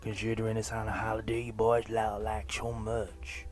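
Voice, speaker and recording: A man's voice: lowish voice, moderate pace, soft background music, close to an everyday voice. A man doing a stiff, stilted father voice. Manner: stiff, flat delivery, as if on a register.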